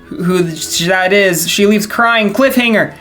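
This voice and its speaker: A man's voice: high voice, measured pace, sharp tone, faint music behind. A man narrating a scripted video essay as its host, in a wry, sarcastic manner.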